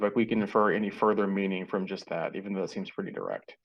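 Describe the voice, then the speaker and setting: A man's voice: low-pitched, fairly even intonation, quick pace. A man playing a tabletop game, his voice muffled. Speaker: player. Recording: dull muffled mic.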